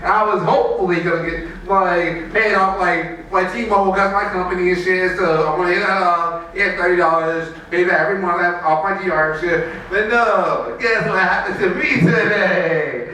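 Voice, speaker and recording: A man's voice: sits high, fairly even intonation, moderate pace, hardly any pauses, bright, forceful tone, slight background noise. A man doing rambling stand-up at an open mic, laughing at his own lines and swearing a lot. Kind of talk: stand-up storytelling. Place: small open mic venue. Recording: echoey room, heard from a distance.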